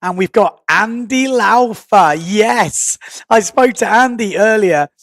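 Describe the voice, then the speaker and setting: A man's voice: high-pitched, animated, slow, a bit bright, no room sound, clean studio sound. A man giving chatty, rambling live sport commentary as the stream's host. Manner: chatty, rambling, thinking aloud. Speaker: livestream commentator.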